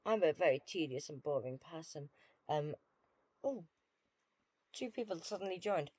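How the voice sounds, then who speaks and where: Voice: mid-range voice, animated, moderate pace, a little mellow, no echo. Dry, wry British streamer. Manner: dry, self-deprecating, wry. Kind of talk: casual live-stream chat while playing a game.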